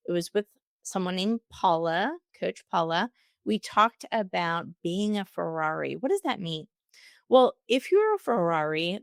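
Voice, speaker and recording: A woman's voice: lowish voice, gravelly, no room sound, studio quality. A woman hosting a solo podcast, answering listener questions with upbeat, encouraging advice. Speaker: podcast host.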